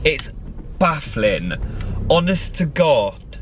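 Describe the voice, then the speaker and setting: A man's voice: fairly high pitch, extremely slow, a little hiss or hum. A man, talking casually and rambling with lots of laughs in a vlog from his car. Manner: animated, rambling, laughs often. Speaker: vlogger.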